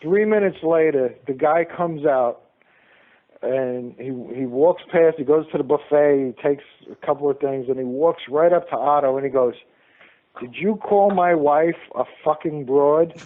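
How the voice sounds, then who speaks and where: A man, a guest telling lively stories in a casual interview and acting out the lines of the people in them. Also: on the high side, moderate pace. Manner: animated, acts out quoted lines. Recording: tinny phone line.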